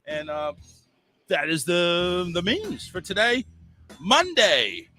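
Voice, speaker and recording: A man's voice: high-pitched, sing-song, takes it slowly, bright, forceful tone, faint music behind. A man hosting a call-in talk show, reading memes aloud and joking with a crude, profane streak. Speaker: radio show host. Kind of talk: casual call-in show banter.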